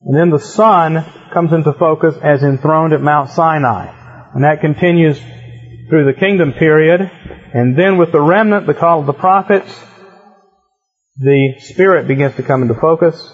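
A man teaches a Bible class in a husky, fairly high voice. He explains things in a conversational way and often gives examples. The recording is muffled and lo-fi. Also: normal speed.

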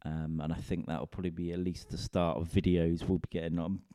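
A man's voice: deep voice, level tone, fairly quick, mellow, no echo, clean studio sound. A man, a comedian and podcast host, rambling in a casual, sweary, self-mocking solo rant.

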